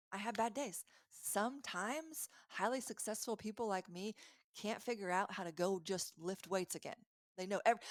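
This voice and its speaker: A woman coaching listeners in an earnest, animated talk with a faith-based message, often stopping to correct herself. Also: mid-range voice, no echo, clean studio sound. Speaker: life coach.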